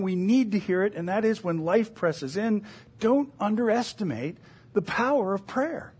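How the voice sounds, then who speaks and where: Lively, husky-voiced male preacher. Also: sits high. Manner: conversational, earnest, self-deprecating asides. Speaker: pastor. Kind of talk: sermon.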